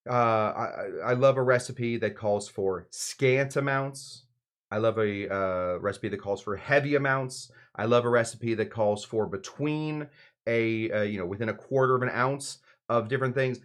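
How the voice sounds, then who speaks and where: A man with a low-pitched voice hosts a casual cocktail livestream from his home bar. He rambles through the recipe with constant "uh"s, asides and self-deprecating jokes, chatting to viewers as he works. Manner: rambling, filler-heavy, self-deprecating joking. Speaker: cocktail show host. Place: home bar in Los Angeles.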